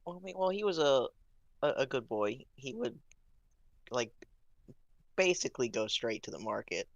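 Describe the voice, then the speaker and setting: A tabletop player rambles hesitantly while describing what a character does. The voice is gravelly and creaky. The recording is dry and close. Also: medium pitch, very animated, normal speed, dry recording, dull audio. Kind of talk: casual game chat.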